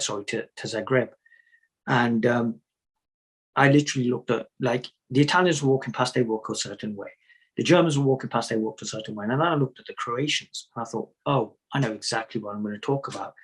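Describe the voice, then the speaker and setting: Guy with a husky voice, sufi teacher type, chatty stories, keeps repeating himself. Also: mid-range voice, low-quality recording. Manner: storytelling, repeats words, jokey asides. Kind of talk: conversational interview answers.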